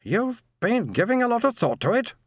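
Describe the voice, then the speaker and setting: A man's voice: very high-pitched, sing-song, moderate pace, no echo, clean studio sound, voice pushed up, exaggerated voice. A man voicing a wary, terse four-shouldered alien man, reading a story aloud. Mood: impatient.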